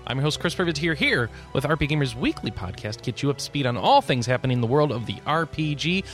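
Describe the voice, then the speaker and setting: A man's voice: mid-range voice, expressive, a bit bright, faint music behind. A man hosting a gaming podcast in a casual, upbeat, joking way. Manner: upbeat, enthusiastic, quick to joke. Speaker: podcast host. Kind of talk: casual chat.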